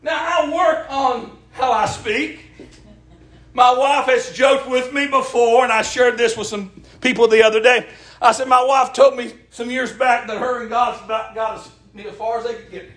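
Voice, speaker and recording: A middle-aged man preaching a sermon, folksy and impassioned, calling for the congregation's answers and rising to shouts. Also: very high voice, fairly even intonation, moderate pace, roomy sound. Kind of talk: sermon with call and response. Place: church.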